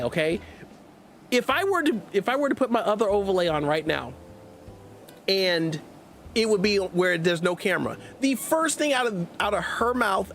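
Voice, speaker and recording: A man hosting a gaming livestream, chatting in an energetic, hyper and jokey way, rambling with many restarts. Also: high-pitched, slight background noise. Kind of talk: casual livestream chat.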